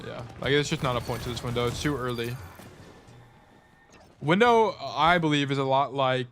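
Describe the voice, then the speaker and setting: A man's voice: medium pitch, normal speed, fairly bright tone, soft background music. A man coaching a player through gameplay footage in a casual, blunt way, often repeating short commands. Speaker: game coach.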